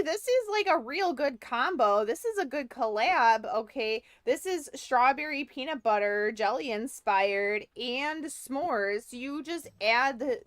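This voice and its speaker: A woman's voice: fairly high pitch, fairly bright tone, dry recording, clean studio sound. A young woman streaming a game, chatting casually to her viewers, rambling and giggling often. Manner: giggly, rambling, talks to chat. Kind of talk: casual livestream chat while gaming.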